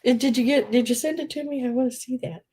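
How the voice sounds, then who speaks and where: A woman's voice: sits high, fast, mellow, slightly rough. A middle-aged woman, chatting casually on a live sale stream, gushing and trailing off with ums.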